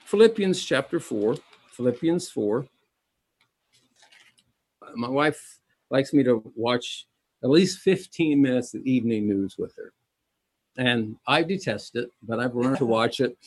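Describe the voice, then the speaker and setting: A man's voice: mid-range voice, vocal fry, a little mellow, slightly rough, no echo. A middle-aged man preaching a sermon, reading scripture aloud and repeating key phrases with emphasis, calling his listeners brethren.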